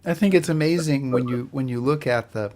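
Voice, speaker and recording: A man co-hosting a history podcast, telling stories in a halting, conversational way with frequent repeated starts. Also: medium pitch, darkish tone. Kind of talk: casual conversational storytelling.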